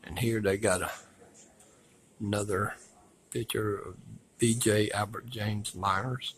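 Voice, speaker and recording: A man narrating casually as he films his walk through a museum, rambling and folksy and quick to complain. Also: on the low side, fairly even intonation, husky, rough recording. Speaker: vlogger touring a museum. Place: indoor museum.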